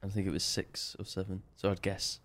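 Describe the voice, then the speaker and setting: A man's voice: low-pitched, completely flat delivery, fairly quick, fairly bright tone. A young man as a podcast guest in casual chat, laughing often and dropping dry one-word jokes.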